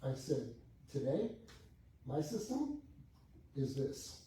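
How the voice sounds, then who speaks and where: A man's voice: on the high side, dark tone. Storytelling man in an echoey room. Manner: storytelling, acts out client dialogue, rhetorical questions. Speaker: real estate coach. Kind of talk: motivational talk to a live group. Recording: echoey room, heard from a distance, faint background noise.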